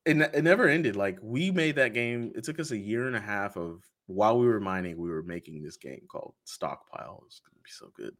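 A podcast host tells a story in an easygoing, animated way, slipping into the voices of the people he quotes. His voice sits on the low side for a man. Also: fairly quick, hardly any pauses. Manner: animated, acts out quoted dialogue with laughs. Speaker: podcast host being interviewed. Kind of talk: casual storytelling.

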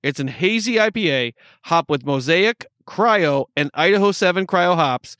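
A man's voice: a little high, lively intonation, moderate pace, fairly bright tone, dry recording, clean studio sound. A man co-hosting a podcast in casual chat, joking and laughing often, with a slight New York accent. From upstate New York. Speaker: podcast co-host.

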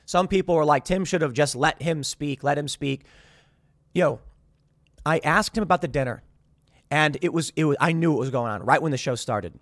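A man's voice: on the high side, brisk, no room sound, studio quality. A man hosting his own show, rambling through a casual commentary monologue. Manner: rambling, mimics others in quotes. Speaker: show host.

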